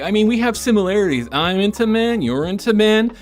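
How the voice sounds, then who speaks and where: Woman streamer, casual chat: giggly and chatty, voice leaping up and down, soft music under it. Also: mid-range voice, lively intonation, fairly quick, few pauses. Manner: giggly, chatty, self-correcting asides. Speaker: VTuber streamer. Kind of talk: casual live-stream chat, reading chat messages.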